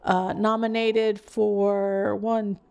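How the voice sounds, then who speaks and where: A woman's voice: mid-range voice, level tone, very slow, gravelly, darkish tone, smooth. A woman co-hosting a casual film podcast, rambling through award lists with lots of fillers. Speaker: podcast co-host. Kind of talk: casual film review chat.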